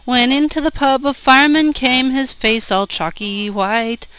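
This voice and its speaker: A woman's voice: sits high, steady tone, measured pace, a bit bright, smooth, poor audio. A woman singing a comic folk drinking song with a rowdy storytelling delivery, speaking out the lines of the characters.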